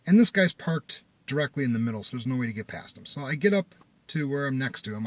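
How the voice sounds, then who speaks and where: A man who runs a small business, telling a personal story in a casual vlog, exasperated and animated. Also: medium pitch. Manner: animated, exasperated retelling with rising outbursts.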